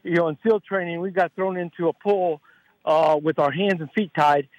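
A man's voice: a little high, steady tone, normal speed, muffled recording. A man calling in to a radio talk show, earnest and rambling, running his thoughts together. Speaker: caller. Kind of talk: phone-in call to radio show.

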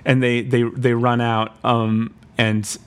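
A man co-hosting a comedy podcast, retelling a made-up plot in a rambling, deadpan way with constant restarts. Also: medium pitch, slow, clean tone. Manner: rambling, full of fillers and restarts, deadpan storytelling. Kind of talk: comedic improvised story retelling.

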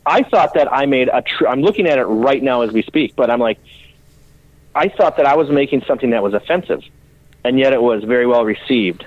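This guest, a custom bicycle builder, talks fast and animatedly in a mid-range, slightly mellow voice as he shares his story bluntly, emotionally, and with frequent profanity. The remote call audio is dry and phone-like, with no room sound.

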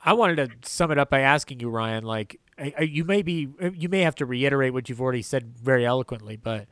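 A man's voice: mid-range voice, lively intonation, quick pace, fairly bright tone, clear, resonant tone, no room sound. A man hosts a casual film chat, rambling eagerly and laughing as he goes. His voice is dry and close, with no room sound. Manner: enthusiastic, rambling, laughs often. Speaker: podcast host.

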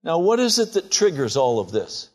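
Very animated and a little mellow, this man in his sixties preaches at a normal speed. He stresses his points hard and performs quoted prayers in a rising voice.

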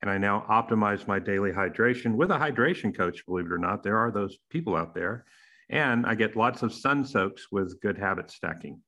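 A middle-aged man hosting a podcast, reading a playful, emphatic intro with big jumps in pitch on key phrases. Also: lively intonation, moderate pace, sharp tone. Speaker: podcast host.

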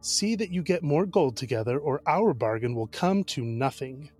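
A man's voice: fairly high pitch, animated, normal speed, darkish tone, breathy edge, faint music behind. A man doing a bold fearless soldier. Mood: defiant. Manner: defiant, mocking.

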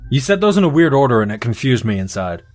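A man's voice: medium pitch, very animated, quick pace, faint music behind. A man co-hosting a podcast, teasing his guests in casual banter and laughing often. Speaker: podcast co-host.

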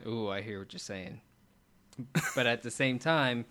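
A man's voice: medium pitch, expressive, unhurried, bright, forceful tone. A man hosting a casual podcast chat, reading script lines aloud and adding jokey asides. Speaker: podcast host.

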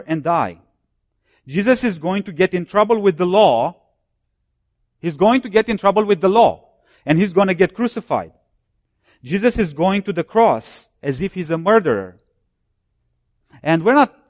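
Emphatic preacher man, higher voice. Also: no room sound, studio quality. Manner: emphatic, building repeated phrases. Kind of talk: sermon.

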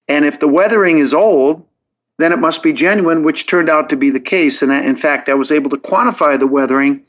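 A man's voice: a little high, a bit bright. Earnest man telling a story, lo-fi sound. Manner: logical, earnest storytelling with frequent restarts. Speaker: guest. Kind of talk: podcast interview. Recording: dull lo-fi audio.

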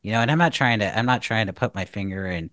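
Deep-voiced man, earnest faith talk. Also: fast, a bit bright, no echo. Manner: earnest, preachy, full of "you know" and restarts. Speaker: podcast co-host.

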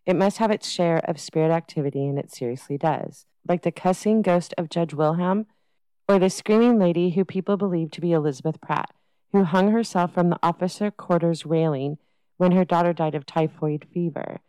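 Female podcast host reading her script, smooth, mellow tone, dry studio sound. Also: lowish voice, normal speed, no room sound, poor audio. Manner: reads a prepared script.

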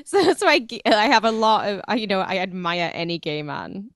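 A woman's voice: mid-range voice, sing-song, normal speed, fairly bright tone, no room sound. Blunt, crude woman podcaster. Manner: blunt, crude, laughs often. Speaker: podcast co-host. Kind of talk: crude comedic podcast chat.

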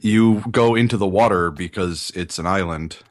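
A man co-hosting a movie podcast, talking casually in a halting, rambling way. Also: low voice. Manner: rambling, halting, many restarts. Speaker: podcast co-host. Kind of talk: casual chat.

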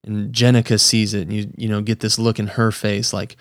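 Over a noisy background, a man with a fairly low voice talks briskly and flatly while hosting a podcast. He and a guest casually review a comic book issue, and he's enthusiastic and chatty, saying "like" and "dude" a lot.

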